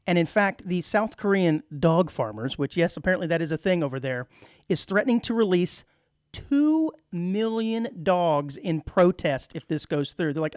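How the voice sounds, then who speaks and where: Casting note: male radio co-host, fairly high voice, jokey, reads news aloud, dry studio sound. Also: lively intonation, normal speed, darkish tone, no echo. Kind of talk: casual studio chat.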